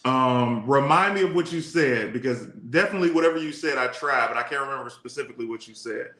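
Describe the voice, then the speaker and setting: An easygoing man from Detroit co-hosts a relaxed live-streamed show, wandering through his stories. His voice is bright and forward. The room adds a clear echo. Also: medium pitch, fast. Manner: easygoing, rambling storyteller. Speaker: podcast co-host. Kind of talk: casual live-stream chat. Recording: echoey room.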